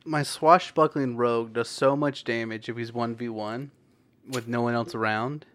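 Man in casual chat, mid-pitched, animated storyteller who laughs a lot. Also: normal speed. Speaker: tabletop game player.

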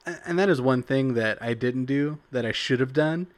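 Talking casually about tabletop role-playing, a young podcast co-host rambles, his speech packed with fillers like "like" and "you know." He has a medium-pitched voice and keeps a moderate pace.

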